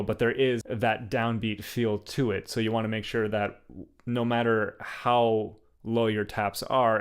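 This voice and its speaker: A young man teaching a drum beat in a casual, relaxed way, explaining hi-hat accents with enthusiasm and frequent fillers. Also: mid-range voice. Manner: relaxed, enthusiastic, uses "like" and "um" often.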